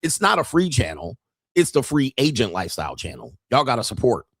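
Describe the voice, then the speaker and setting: A man's voice: mid-range voice, big pitch swings, a little fast, a bit bright, breathy edge, dry recording, clean studio sound. A man in his fifties hosting a livestream, talking in a crude, joking, brash way. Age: 50s. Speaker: livestream host. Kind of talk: casual livestream commentary.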